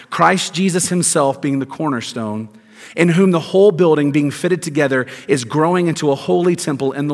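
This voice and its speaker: Raised-pitch preacher with hall reverb. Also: male voice. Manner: emphatic, rhetorical questions, deliberate stresses. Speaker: pastor. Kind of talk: sermon.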